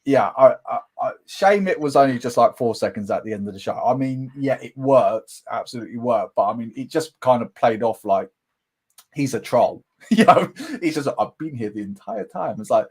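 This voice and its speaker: Animated British man chatting on a live stream. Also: medium pitch, breathy edge. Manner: animated, laughing, quick impressions. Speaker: host. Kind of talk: casual live stream chat.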